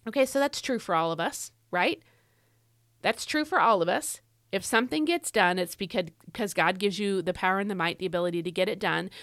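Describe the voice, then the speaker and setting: A middle-aged woman giving casual devotional teaching, earnest and encouraging, pushing her voice up for emphasis and slowing down to read scripture. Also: medium pitch, fairly bright tone, dry recording, clean studio sound. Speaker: devotional podcast host.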